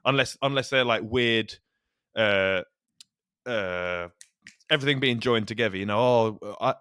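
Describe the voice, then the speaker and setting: Bright-voiced joking man. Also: on the low side, measured pace, clear, resonant tone, dry recording, clean studio sound. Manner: joking, does mock voices, swears. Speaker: podcast co-host. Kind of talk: casual chat.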